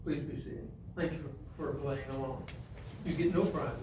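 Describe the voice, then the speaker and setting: A male preacher giving a sermon, dropping to quiet asides and rising to loud, emphatic points as he directs the congregation. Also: a little high, steady tone, normal speed. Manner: acts out stories and gives the congregation physical directions. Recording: echoey hall, mic far off, faint room noise.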